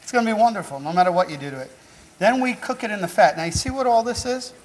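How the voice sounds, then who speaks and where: A man's voice: high voice, lively intonation, fast talker, low-quality recording. A man hosting a cooking show, giving upbeat, chatty step-by-step instructions with an encouraging, teasing manner. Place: show kitchen at the stove.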